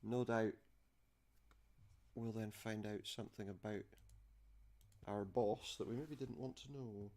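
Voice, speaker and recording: A man's voice: fairly low pitch, fairly even intonation, unhurried, long pauses, darkish tone. A man casually commenting while playing an adventure game, dry and wry. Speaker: let's play gamer.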